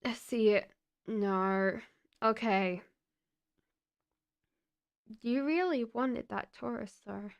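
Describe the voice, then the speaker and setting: Casting note: young Australian woman, tarot reader on a live stream, chatty and upbeat, unhurried delivery, slightly high voice. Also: clear, resonant tone. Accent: Australian, softened by years in Britain. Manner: chatty and upbeat, laughs often, talks straight to viewers by name.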